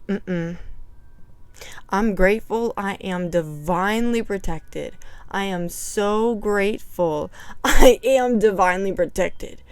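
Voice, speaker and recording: Chatty woman vlogger, clear and dry. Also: mid-range voice, dry recording. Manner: chatty, animated, with nervous laughs and emphatic asides. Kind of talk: casual house tour storytelling. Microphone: clip-on microphone.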